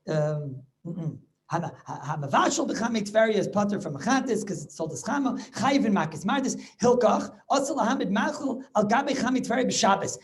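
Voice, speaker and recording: A man teaching a Talmud class over a video call, animated and full of rhetorical questions, mixing Yiddish and Hebrew terms into his talk. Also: sits high. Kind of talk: lively Torah lesson over video call.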